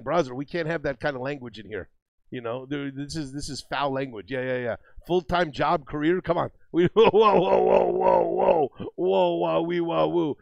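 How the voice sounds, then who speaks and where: A man's voice: on the high side, vocal fry, no room sound. A man co-hosting a game stream, ranting and rambling with lots of swearing and calling listeners "brother.". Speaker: streamer co-host. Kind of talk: profane ranting stream chat.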